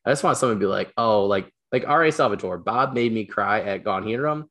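A man hosting an interview, rambling excitedly with lots of fillers as he tells stories. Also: lowish voice, a little fast. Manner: rambling, animated storytelling with many fillers. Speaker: podcast host, teacher and coach. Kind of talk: casual interview chat.

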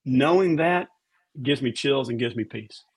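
A man's voice: medium pitch, measured pace, breathy edge. A man as a podcast guest, giving a heartfelt faith testimony and repeating words for emphasis.

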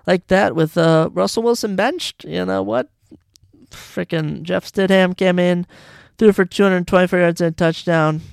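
Gravelly-voiced man grumbling through a sports recap. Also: sits high, moderate pace, no echo, studio quality. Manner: rambling, grumbling and sarcastic. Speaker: podcast host. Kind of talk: solo sports podcast recap.

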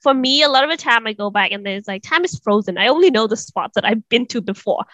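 A woman's voice: fairly high pitch, lively intonation, fast talker, fairly bright tone, no room sound, dull audio. A woman guest chatting casually on a podcast, talking in a loose flow full of "like" and "you know". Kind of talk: casual chat.

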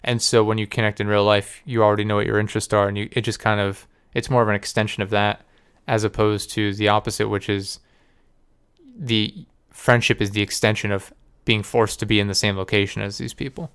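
A man's voice: fairly low pitch, flat delivery, a little fast, a bit bright, clean tone. A man hosting a casual chat, rambling and hesitant, full of fillers.

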